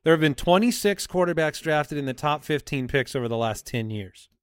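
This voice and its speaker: A man hosts a sports podcast in easy conversational talk, running the show and quizzing his co-hosts. His voice sits a bit high, recorded close and dry with no room sound. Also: expressive, smooth, dry recording. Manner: leads the segment, reads names in a quick quiz. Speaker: podcast host. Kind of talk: casual sports podcast chat.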